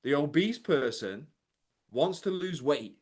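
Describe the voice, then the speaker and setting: A man's voice: on the high side, expressive, slow pace, husky. Emphatic man coaching a live chat. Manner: emphatic, keeps asking "right?" to the audience. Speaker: mindset and business coach. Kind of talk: motivational talk to a live chat.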